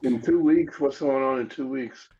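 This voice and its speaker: A man's voice: mid-range voice, moderate pace, mellow, slight background noise. A man chatting casually on a livestream, making dry teasing jokes. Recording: dull lo-fi sound.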